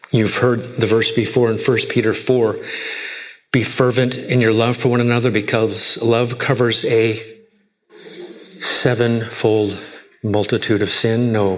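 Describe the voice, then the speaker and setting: A man preaching a sermon, emphatic, asking rhetorical questions and swinging between soft low lines and raised high ones. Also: level tone, takes it slowly. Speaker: pastor.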